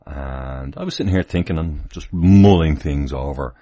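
A man hosts a casual livestream from home. His voice sits extremely low, with a husky, breathy edge. He rambles through asides and chuckles often as he talks. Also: normal speed, dark tone. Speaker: livestream host. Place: home, near the kitchen.

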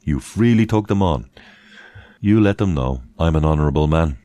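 Man with a very deep, dry-recorded voice; emphatic casual explainer with mocking asides. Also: lively intonation, moderate pace, dark tone, dry recording. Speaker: presenter giving legal advice. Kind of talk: casual instructional monologue.

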